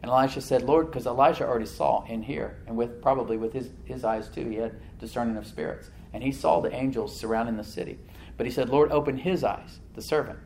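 A male preacher giving a sermon in a folksy storytelling way, repeating key phrases for emphasis and moving from quiet asides to loud, emphatic lines. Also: medium pitch, fairly even intonation, fast talker, creaky, a little hiss or hum, low-quality recording.

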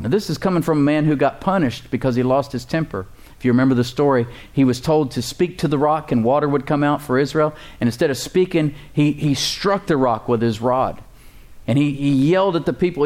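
Man, pastor, sermon, conversational, humorous asides, mid-pitched voice. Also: moderate pace, a little mellow. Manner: conversational preaching with humor and rising emphasis.

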